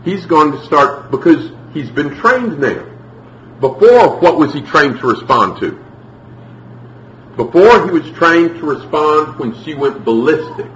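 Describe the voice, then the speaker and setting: A man's voice: on the high side, unhurried. A man preaching a sermon, telling stories and acting out the voices of the people in them. His voice reaches the mic from a distance, ringing around a reverberant room. A faint hum of room ambience sits behind him. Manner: animated storytelling, acts out quotes. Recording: echoey room, from far off.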